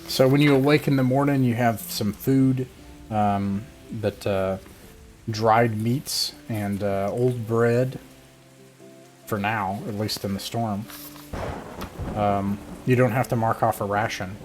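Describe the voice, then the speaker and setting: A male game master narrating a fantasy tabletop session from home through a computer mic. His voice sits on the low side, and he pauses often and hunts for words as he goes. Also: steady tone, darkish tone, faint music behind. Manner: hesitant, many fillers and restarts. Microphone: computer mic on a video call.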